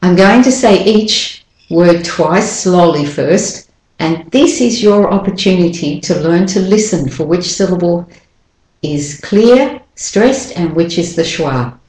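A woman with a low voice teaches pronunciation at an unhurried pace. She sounds out each syllable with careful, deliberate demonstration. Her voice carries a noticeable echo from the room. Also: lively intonation, darkish tone. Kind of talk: spoken English pronunciation lesson.

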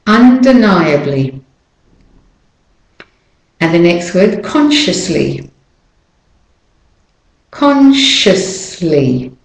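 A woman giving an audio pronunciation lesson, drawing out each model word slowly and carefully. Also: sits low, a little mellow, roomy sound, poor audio. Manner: slow, careful, drawn-out model words. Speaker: pronunciation teacher.

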